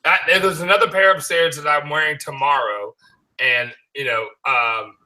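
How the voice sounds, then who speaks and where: A man's voice: a little high, steady tone, moderate pace, bright, forceful tone, low-quality recording. A man from the American South hosting a casual sneaker podcast, loose, joking and profane. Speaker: podcast host. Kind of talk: casual chat.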